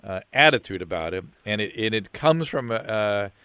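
A man's voice: lowish voice, animated, moderate pace, bright, forceful tone, clean tone, no echo. A man co-hosting a radio show, chatting casually and retelling stories with laughter. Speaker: radio co-host. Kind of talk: casual talk.

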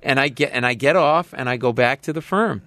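A man who is a comedian, telling a story in a casual podcast interview and acting out other people with sudden high shouts. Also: brisk.

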